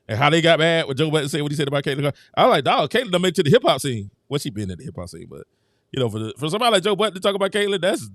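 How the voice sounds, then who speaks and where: Animated man hosting a sports live stream. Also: on the high side, dry recording, clean studio sound. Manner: animated, emphatic, thanks viewers, talks straight to chat. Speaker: host.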